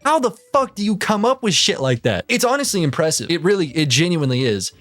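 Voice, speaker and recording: Animated, swearing young man ranting. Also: high-pitched, fast, dry recording, soft background music. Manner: profane, exasperated ranting with frequent laughs and restarts. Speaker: commentary YouTuber. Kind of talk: casual reaction commentary.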